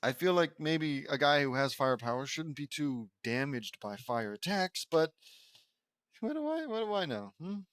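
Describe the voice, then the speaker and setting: A man's voice: on the high side, very animated, moderate pace, a bit bright, clear, resonant tone, no echo. A man reading fan fiction aloud and mocking it with dry, sarcastic asides. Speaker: reader commenting on fan fiction. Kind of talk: sarcastic dramatic reading with commentary.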